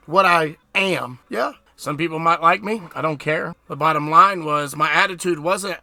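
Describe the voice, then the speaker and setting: A man's voice: a little high, a little slow, sharp tone, dry recording. A man hosting his own show, giving an emphatic, preachy solo monologue that keeps repeating words for effect. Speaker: podcast host.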